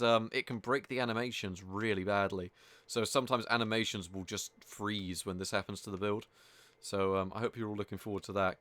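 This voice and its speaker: Low-voiced chatty male game streamer. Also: fairly bright tone, dry recording. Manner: chatty, exasperated, swears freely. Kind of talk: live gameplay commentary.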